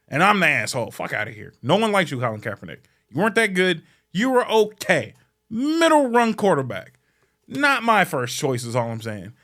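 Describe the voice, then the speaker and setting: Male podcast host from Chicago, fast-swinging profane rant, high animated voice. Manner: profane, blunt, heckling; big swings between muttering and shouting. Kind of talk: ranting casual monologue.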